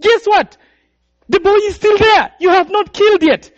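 A preacher voicing aggressive male killers who shout and taunt as they hunt him. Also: very high voice, fairly quick, muffled recording, pitched above the performer's own voice.

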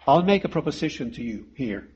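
A man in his fifties preaching a sermon, delivering it slowly and emphatically with deliberate pauses. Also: mid-range voice, sing-song, a little mellow, slightly rough, dull audio.

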